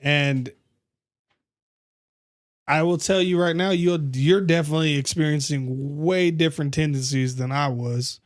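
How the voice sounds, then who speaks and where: A man hosting a casual chat, telling a story in an animated, profane, emphatic way. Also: fairly high pitch, measured pace, pauses often. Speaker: podcast host.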